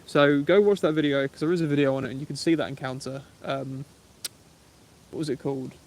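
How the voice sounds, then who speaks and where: A young Englishman talks casually to his live-stream viewers. His voice sits slightly high for a man, and he is loose and chatty, throwing in mate and bro as he answers comments. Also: steady tone, fairly quick, darkish tone, a little hiss or hum. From England. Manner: chatty and laid-back, says "mate" and "bro". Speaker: YouTube camping livestreamer.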